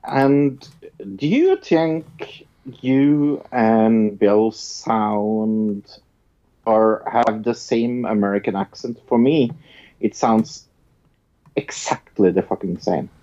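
Slow-talking Norwegian man, dull sound. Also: lowish voice, lively intonation, dark tone. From Norway. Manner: slow, laughs often, blunt and swearing. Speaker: podcast co-host. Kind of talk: casual chat.

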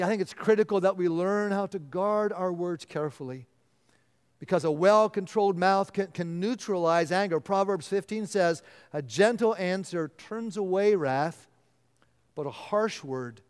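A male pastor delivering an earnest sermon, often dropping to a hushed voice to stress a point. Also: high-pitched, measured pace, clear, resonant tone. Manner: earnest, drops to a hushed voice for emphasis. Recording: long reverb of a large hall.

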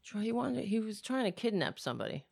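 A woman with a cracking, raspy voice, talking casually at home in a rambling, swearing vlog. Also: mid-range voice, big pitch swings, quick pace, a little mellow, no room sound, studio quality. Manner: swears freely, rambles and talks to her cats.

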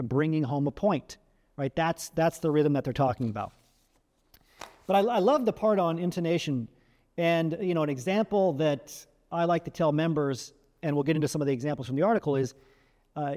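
This career coach's voice is on the high side, warm and fairly quick, with a long reverb tail in the recording. Speaking casually to camera, he restarts often, asks "right?" a lot, and illustrates vocal technique by shifting emphasis and volume.

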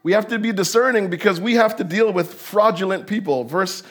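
High-voiced male pastor preaching. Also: fairly quick, fairly bright tone. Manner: conversational preaching that acts out the voices in the text. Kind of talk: sermon.

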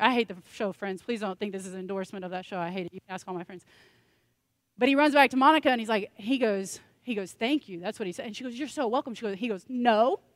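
A woman's voice: mid-range voice, dry recording. A woman pastor preaching a sermon in a conversational, joking way, with self-deprecating asides.

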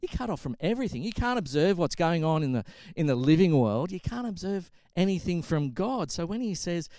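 A man's voice: high-pitched, big pitch swings, fairly quick, few pauses, warm tone, no room sound. A man preaching a sermon, telling a story and pressing his point with emphatic repetition. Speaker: pastor.

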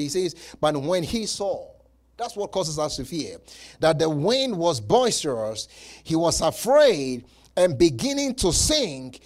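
A male pastor preaching a sermon, repeating phrases and laughing between points. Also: high-pitched. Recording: live church service.

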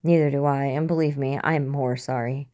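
A woman's voice: a bass voice, steady tone, normal speed, mellow. A woman voicing a shaky, hungover male agent with dry humor, in a storybook reading. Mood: wry. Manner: wry.

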